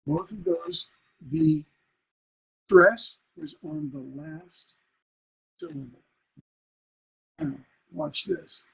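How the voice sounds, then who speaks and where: A man's voice: on the high side, big pitch swings, takes it slowly, creaky, long pauses, fairly bright tone, husky, dull audio. A man teaching a songwriting workshop, explaining line rhythm and chanting nonsense syllables to show where the stresses fall. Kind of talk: workshop lecture.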